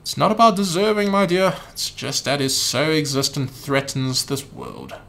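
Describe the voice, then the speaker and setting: A man voicing a polite, sinister, unaging male figure with a put-on British manner and slow, theatrical delivery while reading game dialogue. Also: fairly high pitch, sing-song, vocal fry, pushed and bright, full character voice. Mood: genteel menace. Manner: mock-British, genteel, drawn-out theatrical delivery. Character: polite sinister male being, unaging, in a borrowed boy's body.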